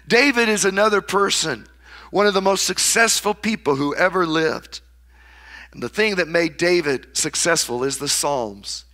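A man preaching a sermon, dramatically acting out the words of the people he quotes. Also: pushed and bright. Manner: dramatic, acts out quoted voices with big swings in pitch and volume. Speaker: pastor.

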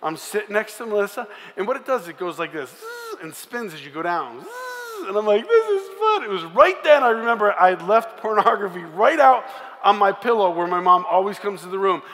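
A man's voice: sits high, animated, brisk, bright, forceful tone. A man telling a comic story to a youth conference crowd, acting out voices and sound effects. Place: large conference hall. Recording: live hall with long reverb, faint room noise.

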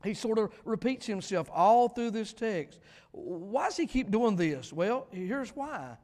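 A man preaching a revival sermon in a church, emphatic, swinging between loud declarations and quiet asides. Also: high-pitched, lively intonation, unhurried. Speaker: pastor. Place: church sanctuary. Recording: long hall reverb in a church.

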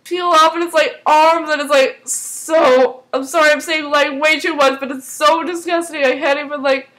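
A woman casually recapping a TV episode, rambling and excitable, filling her talk with "like". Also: high-pitched, moderate pace, poor audio. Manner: rambling and excitable, heavy use of "like".

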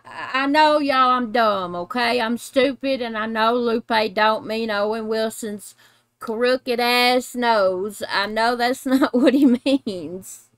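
A middle-aged mother hosting a casual reaction video, blunt and animated and quick to laugh. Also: on the high side, smooth, no room sound, studio quality. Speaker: reaction channel host, mother.

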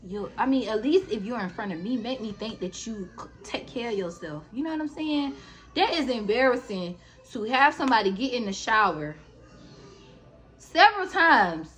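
Fairly high-pitched and a bit bright, a female vlogger recounts a story in a casual, blunt way. There's lots of swearing, and she speaks right to the people watching.

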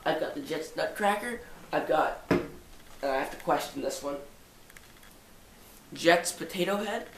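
A man's voice: fairly high pitch, expressive, unhurried, pauses often, reverberant, distant mic, noisy background. Stuffy-nosed teen boy vlogging. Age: 17, teenager. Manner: rambling, jokey, self-mocking asides. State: stuffy nose. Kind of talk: casual holiday vlog. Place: living room by a tall Christmas tree.

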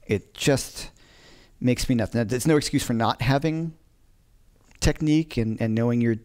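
A man's voice: mid-range voice, moderate pace, darkish tone. A middle-aged man talks casually to his livestream viewers from home. He rambles and interrupts himself often, picking up a thought and dropping it mid-sentence. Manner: rambling, self-interrupting, chatty. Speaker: guitar teacher hosting a livestream. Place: home during lockdown.

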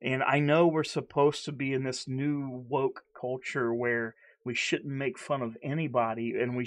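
A man's voice: medium pitch, a bit bright. A man in a candid personal vlog, talking earnestly and heatedly, stuttering and repeating himself. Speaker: vlogger.

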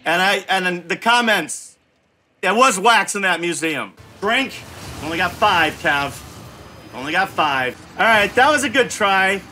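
A man's voice: sits high, animated, unhurried, bright, forceful tone, a little hiss or hum. Profane, exasperated man in his fifties. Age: 50s. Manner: profane, exasperated, scolds the game aloud. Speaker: gaming channel host. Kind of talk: gameplay commentary.

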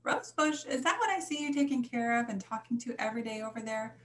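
A woman's voice: on the high side, quick pace, a bit bright, recorded from a distance, pitched above the performer's own voice, lightly acted. A woman reading a story aloud and voicing a butcher man who sounds doubtful and mutters.

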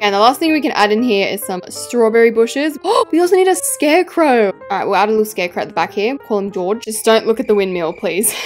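A woman's voice: mid-range voice, animated, fairly quick, soft background music. A young woman hosting a gaming channel, chatting through her gameplay from home into a desk microphone, bubbly, giggly and easily startled. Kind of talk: casual gameplay commentary.

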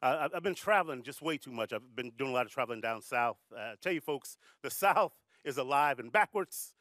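Animated man doing stand-up comedy. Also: mid-range voice, fairly quick, dry recording. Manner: animated storytelling with jokey asides. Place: comedy stage with live audience. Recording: live comedy club audio with laughter.

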